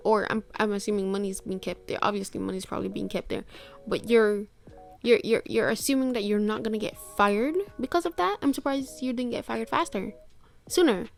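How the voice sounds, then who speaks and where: A woman hosting a reaction video, talking casually and sounding exasperated, often repeating herself. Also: fairly high pitch. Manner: chatty, exasperated, stammers and repeats.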